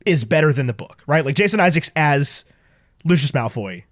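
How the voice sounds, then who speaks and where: A man co-hosting a podcast, chatting casually about movies, animated and full of stumbling restarts. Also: a little high, normal speed, no room sound, clean studio sound. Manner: animated, stumbling restarts, quotes people in voices. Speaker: podcast co-host.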